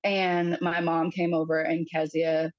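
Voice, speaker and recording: A woman in her thirties sharing a personal story as a podcast guest, talking haltingly with many fillers and acting out the quoted voices. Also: sits low, flat delivery, dry recording, lo-fi sound.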